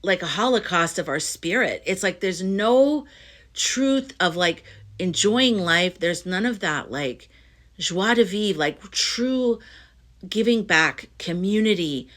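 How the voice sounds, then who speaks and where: A middle-aged woman with a slightly low voice talks to her viewers in a loose, heartfelt spiritual monologue. She rambles, circles back and restarts her sentences, leaning on fillers as she goes. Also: animated, takes it slowly, a bit bright. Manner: rambling, earnest, full of "like" and restarts. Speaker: astrology and tarot reader.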